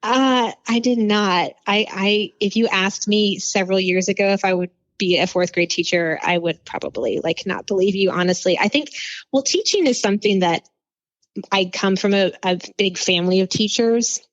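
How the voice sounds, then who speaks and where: A woman's voice: mid-range voice, moderate pace, no room sound. A young woman, a teacher, talking candidly in a casual interview, rambling a little and poking fun at herself. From New Orleans, USA. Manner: candid, rambling, self-deprecating. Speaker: fourth grade teacher, guest. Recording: dull lo-fi audio.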